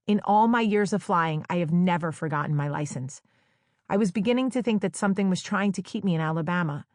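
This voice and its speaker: A woman from New Jersey reads her own memoir in a wry, conversational storytelling style, slipping into playful quoted dialogue. Her voice sits somewhat low for a woman. The recording is close and dry, with no room sound. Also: no echo. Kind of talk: audiobook memoir narration. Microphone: close studio microphone.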